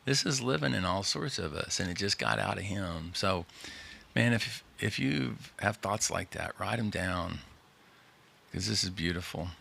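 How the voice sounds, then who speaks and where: A man hosting a live community show, talking in a relaxed, rambling way into a studio microphone. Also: sits low, measured pace, gravelly, husky. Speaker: host.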